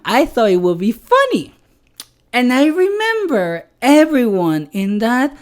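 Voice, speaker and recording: Woman, 30s, podcast host; frank and foul-mouthed, with a very animated pitch. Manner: candid, profane storytelling. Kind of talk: casual podcast monologue.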